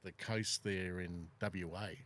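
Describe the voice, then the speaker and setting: A man's voice: sits low, steady tone, slow pace, a bit bright. A man hosting a casual chat in a laid-back, easygoing way. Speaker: podcast host.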